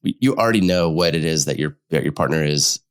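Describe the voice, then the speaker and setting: A man's voice: a bass voice, a little fast. A middle-aged man who is a marriage therapist, chatting casually on a podcast while sick and acting out couples' dialogue as he explains. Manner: animated, acts out couples' dialogue when explaining. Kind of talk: casual conversational podcast chat.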